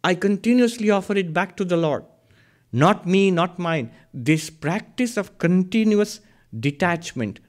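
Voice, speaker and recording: Earnest man, lecturing. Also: sits high. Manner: earnest, lively, asks and answers his own questions. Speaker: Vedanta teacher. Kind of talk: spiritual discourse.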